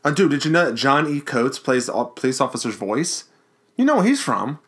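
Excitable, jokey male podcast host. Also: mid-range voice, fairly quick. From Baltimore area. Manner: jokey, excitable, self-mocking. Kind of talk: casual chat.

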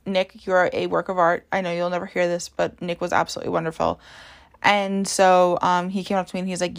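A woman's voice: on the low side, flat delivery, a little fast, creaky. A young woman hosting a podcast, telling a story casually with lots of "like" and "um" fillers. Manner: chatty, heavy use of "like" and "um". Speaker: podcast host.

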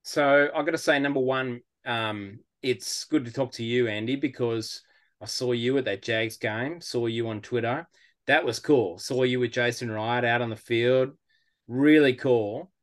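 An Australian man as a podcast guest, talking in a relaxed, rambling way with lots of fillers. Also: mid-range voice, unhurried. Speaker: guest fan. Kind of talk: casual podcast interview.

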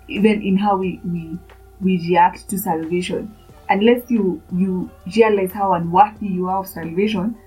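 A woman's voice: on the low side, darkish tone, slightly rough, low-quality recording. A young woman hosting a podcast, talking in a chatty, rambling way full of fillers as she shares a casual devotional. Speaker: podcast host.

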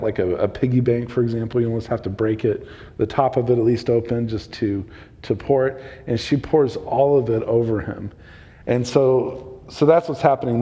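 A man's voice: mid-range voice, dark tone. A man leading a casual Bible study, thinking aloud with plenty of ums and restarts. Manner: thinks aloud, loose, with many fillers. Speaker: Bible teacher. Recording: long hall reverb.

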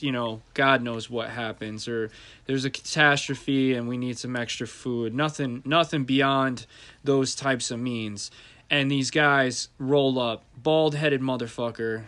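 A man's voice: mid-range voice, fairly bright tone. A man, hosting a podcast and telling a heated, profane story in casual talk. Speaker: podcast host.

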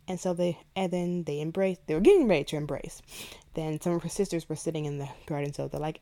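On her casual book review podcast, a woman with a lowish voice speaks quickly. Her chatty, lively retelling of a beloved scene is sprinkled with playful quoted asides, alongside an ad read and a passage read aloud.

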